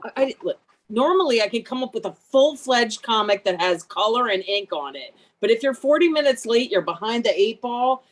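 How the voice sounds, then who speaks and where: A woman in her fifties telling a comic story over a video call, brash, animated and self-mocking. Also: a little high, moderate pace. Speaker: workshop participant.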